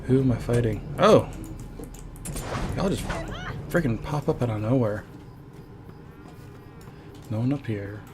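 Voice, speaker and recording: Man, casual game stream commentary, chatty, laughs a lot, soft music behind. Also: mid-range voice, animated, a little slow, long pauses. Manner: chatty, reads chat aloud, laughs often.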